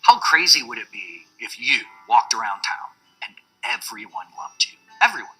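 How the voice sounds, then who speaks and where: Man, documentary interview, bright forceful voice, relaxed storytelling, faint music. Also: medium pitch, a little fast, gravelly, few pauses, poor audio. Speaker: bar staff interviewee.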